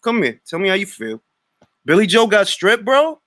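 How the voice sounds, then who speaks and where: A man's voice: high-pitched, very animated, normal speed, a bit bright, no room sound. A man from Harlem with a New York accent, hosting a livestream and mocking a chat commenter with brash street-slang trash talk. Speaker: livestream host. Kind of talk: taunting livestream rant.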